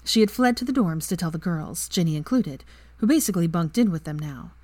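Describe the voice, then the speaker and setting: A woman narrating fan fiction with an expressive reading. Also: fairly low pitch, a little fast, no room sound. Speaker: fanfiction reader. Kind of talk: storybook narration.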